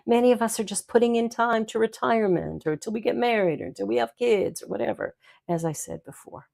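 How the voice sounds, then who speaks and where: A woman's voice: on the high side, brisk, vocal fry. An older woman, a minister hosting her own show, telling stories and giggling as she talks. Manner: warm storytelling with giggles and asides. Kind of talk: inspirational talk.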